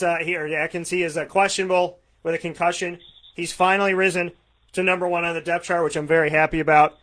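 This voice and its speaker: A man co-hosting a fantasy football radio show, talking in an animated, emphatic way and addressing listeners as folks. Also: a little high. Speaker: co-host.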